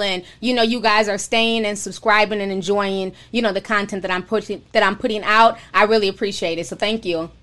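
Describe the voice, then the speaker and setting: A woman's voice: on the high side, a bit bright. A young woman hosting a casual livestream, reading viewer messages aloud and chatting frankly with some profanity. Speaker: livestream host.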